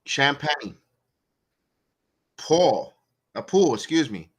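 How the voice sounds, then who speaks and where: A man with a slightly rough, a little high, sing-song voice hosts a live fan watch-along at a slow pace. He calls plays one by one and interrupts himself with sarcastic comments and rants about the coach.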